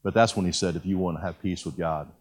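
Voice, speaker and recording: A pastor in his fifties preaches a sermon and shares his personal testimony, folksy and self-deprecating, often restarting his sentences. He speaks fast in a low-pitched voice.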